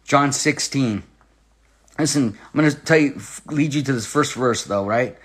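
A man giving sermon-style Bible teaching, reading scripture aloud with slow stress and firing rhetorical questions at his listeners. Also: mid-range voice, breathy edge.

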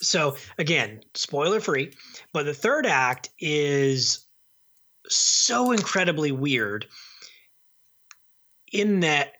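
Male podcast co-host, casual and rambling, a bright and forceful voice. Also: on the high side, sing-song, drawn-out words, pauses often. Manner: rambling, with many restarts and repeated words. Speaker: podcast co-host reviewing movies. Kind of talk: casual chat.

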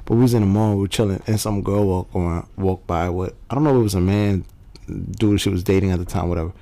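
A man's voice: low voice, vocal fry, mellow. A man hosting a podcast, telling crude stories in loose casual banter. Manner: crude, rapid storytelling with laughs. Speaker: podcast host.

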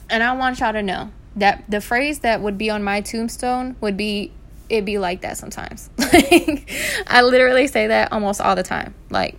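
A young woman, hosting her podcast and telling stories in a casual, animated way. She laughs often and swears freely. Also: medium pitch. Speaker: podcast host. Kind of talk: casual storytelling. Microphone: home recording setup.

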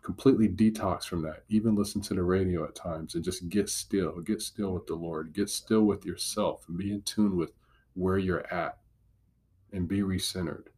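A man's voice: sits low, steady tone, normal speed, darkish tone, slightly rough. A man giving a devotional teaching talk as a Christian motivational speaker, earnest and encouraging, driving points home with repetition.

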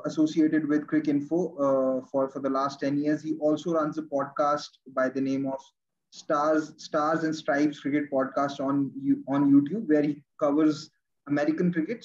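A man hosting an interview show, introducing his guest and asking questions in a halting way, often repeating words. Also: fairly high pitch, darkish tone. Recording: dull lo-fi audio.

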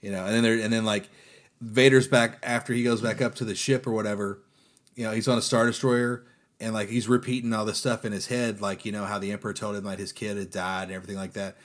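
A man's voice: on the low side, fast talker. A man chatting casually on a podcast, telling stories with lots of fillers and acting out quotes in playful voices. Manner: animated storytelling, acts out quotes. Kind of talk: casual chat.

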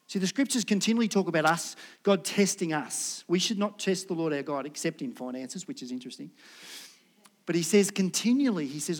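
A middle-aged male pastor preaching a sermon. He acts out prayers and God's replies, swinging from loud lines to hushed ones. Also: a little high, lively intonation, a little fast.

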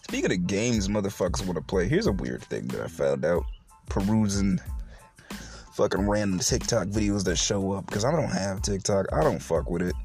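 A man's voice: sits low, very animated, normal speed, darkish tone, faint music behind. A young man hosting a solo podcast, telling stories in a swearing, laughing rant. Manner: profane, laughing storyteller. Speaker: podcast host.

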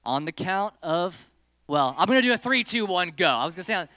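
Lively, bright-voiced youth group leader. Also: medium pitch, fairly quick, no room sound, clean studio sound. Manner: playful, animated, giving stage directions to volunteers. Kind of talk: leading a hands-on group lesson. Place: indoor meeting room with a group.

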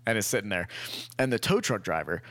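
A man's voice: lowish voice, animated, fairly quick, fairly bright tone, dry recording. Rambling young man telling a story. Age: young adult. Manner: rambling, swears freely, acts out quotes. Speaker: storyteller in casual chat. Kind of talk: casual chat.

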